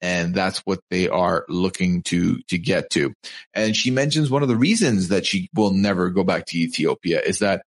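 Low-voiced man recapping casually. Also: lively intonation, normal speed. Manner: storytelling, quoting people in conversational asides. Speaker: podcast co-host.

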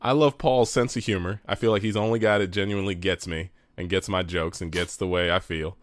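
A man's voice: low voice, steady tone, fairly quick, no echo, studio quality. A man co-hosting a casual podcast, rambling with frequent restarts and laughter, talking into his own mic over a remote call. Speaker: podcast co-host. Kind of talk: casual chat.

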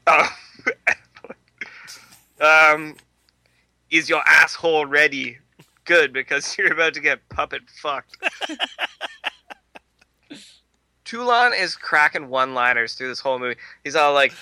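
A young man with a very bright, ringing voice, joking through a movie discussion on a podcast. He riffs with crude humor and breaks into laughter often. The sound is close and dry. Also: a little high, unhurried, pauses often, dry recording. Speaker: podcast co-host. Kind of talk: casual movie commentary podcast.

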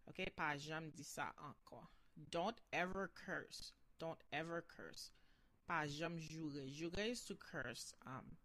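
A woman with a Haitian accent, a native Haitian Creole speaker, teaching a language lesson patiently and repeating each phrase slowly. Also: low-pitched, a bit bright.

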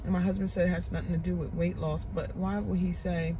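Frustrated woman venting in halting bursts. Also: fairly low pitch, flat delivery, background noise. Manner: frustrated, halting, with restarts and sighs. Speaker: podcast host. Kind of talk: candid spoken confession.

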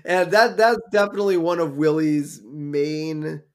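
A man's voice: a little high, measured pace. A man co-hosting a podcast, chatting casually and retelling scenes with lots of fillers. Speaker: podcast co-host. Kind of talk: casual chat.

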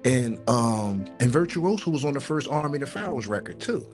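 A man tells a story on a casual podcast. He talks in an animated way, repeats his words and swears freely. A clear music bed plays under his voice. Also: mid-range voice, fairly quick. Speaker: podcast co-host.

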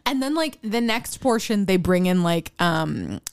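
A woman's voice: lowish voice, animated, a little slow, smooth, dry recording, studio quality. A young woman co-hosting a casual film podcast, talking enthusiastically with many filler words. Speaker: podcast co-host.

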